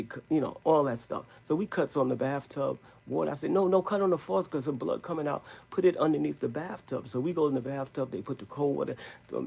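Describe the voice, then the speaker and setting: A man telling a rambling story in a live stream, in emphatic street slang, with a gravelly, husky voice. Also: mid-range voice, darkish tone.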